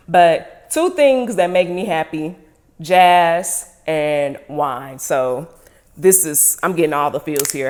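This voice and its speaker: Playful woman vlogger, low-ish voice, casual and chatty. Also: a little mellow. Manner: chatty, playful, self-teasing. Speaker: wine vlogger. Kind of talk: casual unboxing and tasting chat.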